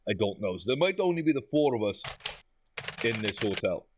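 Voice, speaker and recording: A man giving a casual first-look commentary on a game, chatty and amused, thinking out loud. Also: on the low side, big pitch swings, a little fast, noisy background. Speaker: gaming YouTuber.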